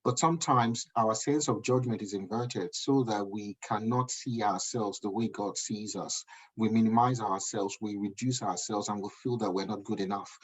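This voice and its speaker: A guest speaker in his thirties with a Nigerian accent delivers an emphatic motivational talk, repeatedly asking "do you understand?" to check on the audience. His voice is husky and on the low side at a moderate pace, in a dull lo-fi recording.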